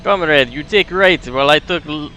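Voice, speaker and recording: A man voicing a boastful Soviet pilot in a put-on Russian accent, in halting broken English full of "uh"s. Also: fairly high pitch, a little hiss or hum. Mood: jovial. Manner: broken grammar, halting with "uh", louder than his own talk. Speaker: streamer playing a flight sim.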